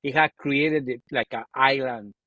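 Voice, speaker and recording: A man's voice: mid-range voice, fairly even intonation, a little slow, dry recording. Argentine host guy, spanish accent, muffled lo-fi mic, says "isn't it?" a lot. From Buenos Aires, Argentina. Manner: conversational, asks leading questions with "isn't it?". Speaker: podcast host. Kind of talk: casual interview chat. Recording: dull, dry lo-fi sound.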